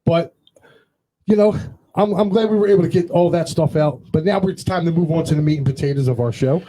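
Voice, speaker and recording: A man hosts a casual podcast chat, his voice sitting a little high and sounding soft and husky. He rambles through anecdotes and slips into quoting what other people told him. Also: fairly quick, low-quality recording. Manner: rambling anecdotal storytelling, quotes others in dialogue. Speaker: podcast host.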